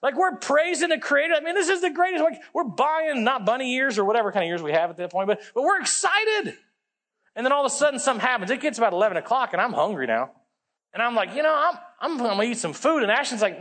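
A male pastor preaching a sermon, telling a story with lively acted-out dialogue and dropping low for emphasis. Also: quick pace. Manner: animated, acts out dialogue, drops low for emphasis.

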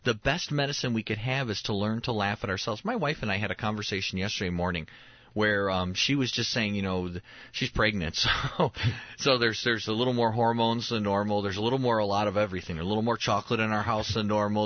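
Chuckling pastor telling home stories. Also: male voice, fairly low pitch, fast, no echo, lo-fi sound. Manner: storytelling, chuckles often, restarts mid-phrase. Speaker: pastor and show host. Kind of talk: casual chat on a talk show.

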